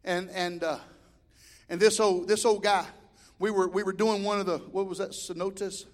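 A middle-aged man preaching a sermon as pastor, swinging between shouted exhortation and quiet, chatty storytelling. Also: high-pitched, fairly even intonation, normal speed. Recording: long hall reverb.

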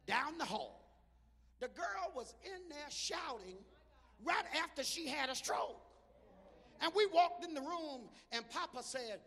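A male preacher telling a storytelling sermon, breaking into rhythmic shouts. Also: very high-pitched, very animated, takes it slowly, pauses often. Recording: echoey hall reverb.

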